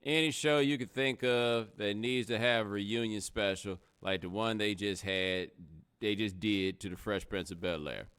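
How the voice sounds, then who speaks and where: A man hosting a casual livestream podcast, talking in an animated, sarcastic way. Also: on the low side, moderate pace, clear, resonant tone. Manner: animated, sarcastic, rising to loud exclamations. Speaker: podcast host.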